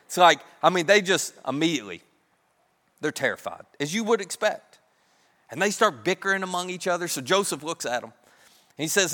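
A preacher with a bright, ringing voice tells his story with animated energy, slipping into the voices of the people in it. His words carry a long reverb from a large hall. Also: on the high side, normal speed. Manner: animated, acts out characters' voices. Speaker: pastor. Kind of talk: sermon storytelling.

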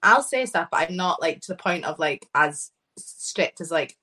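A woman, a podcast co-host, chatting casually and relaxed, with lots of filler words. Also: low voice, moderate pace, husky. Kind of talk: casual chat.

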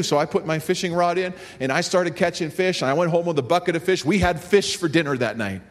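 A man's voice: high-pitched, quick pace, few pauses. A man pastor delivering a sermon, telling a story and then rising to fervent emphasis. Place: church sanctuary. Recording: long reverb of a large hall.

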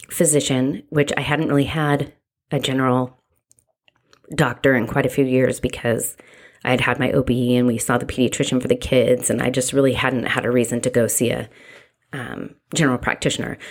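Woman, very low voice, candid personal testimony, reflective, halting. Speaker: mother sharing a personal story.

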